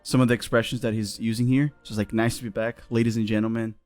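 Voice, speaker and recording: A man's voice: lowish voice, flat delivery, fast, music in the background. A man co-hosting an English lesson, quoting film lines and asking his partner questions. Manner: asks questions, quotes clips. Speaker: co-host, English teacher. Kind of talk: casual teaching chat.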